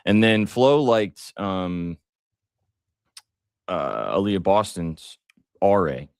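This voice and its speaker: A deep-voiced man hosting a live betting stream, chatty and excitable, throwing in jokes and ums. The sound is close and dry, with no room around it. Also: drawn-out words, vocal fry, clear, resonant tone, dry recording. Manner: excitable, joking, lots of fillers. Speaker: sports betting show host.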